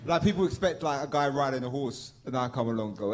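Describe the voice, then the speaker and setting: A man with a London accent, guesting on a comedy podcast, lively and quick to laugh. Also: mid-range voice. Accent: London English. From England. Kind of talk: casual comedic chat.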